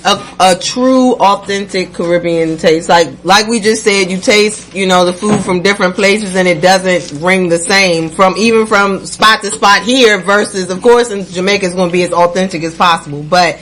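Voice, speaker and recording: Interviewer, mid-pitched, curious and wandering; slight noise. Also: normal speed, few pauses, fairly bright tone. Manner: curious, asks rambling questions. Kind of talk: casual interview.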